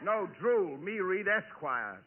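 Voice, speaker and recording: Guy doing a hammy island native, broken talk plus drawl and posh slang, high lively voice, scratchy old radio. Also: slow pace, phone-quality sound, heavily acted. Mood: deadpan. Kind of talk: 1940s radio comedy acting. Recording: scratchy 1940s radio broadcast, thin.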